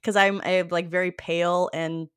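A woman's voice: on the low side, level tone, moderate pace, smooth. A woman hosting a podcast, chatting casually with lots of fillers and easy laughs. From Filipino family. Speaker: podcast host.

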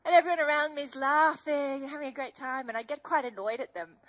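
A woman's voice: sits high, fast, fairly bright tone. A middle-aged woman preaching an emotional, earnest testimony sermon. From Australia.

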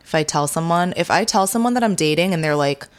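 Frank young woman, low voice. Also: fast talker. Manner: frank, animated when retelling talks. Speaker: interview guest, dominatrix. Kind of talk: candid interview conversation.

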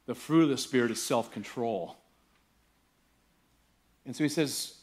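A man's voice: medium pitch, unhurried, long pauses, darkish tone. Man preaching a conversational sermon. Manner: conversational storytelling, rising to emphatic preaching. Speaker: pastor. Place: church.

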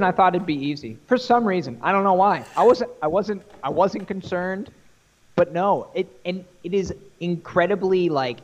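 Rambling, animated young man on a lo-fi call. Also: fairly high pitch. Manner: rambling, animated, swears freely. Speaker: podcast co-host. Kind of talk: casual chat.

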